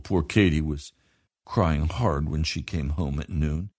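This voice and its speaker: A man's voice: very deep voice, measured pace, a little mellow, no echo, studio quality. A man telling a moral story to children in an earnest storytelling manner.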